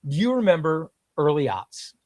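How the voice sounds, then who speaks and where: A man's voice: fairly high pitch, sing-song, moderate pace, a little mellow, no room sound, studio quality. A man hosting a casual chat, rambling and repeating words as he talks. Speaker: host.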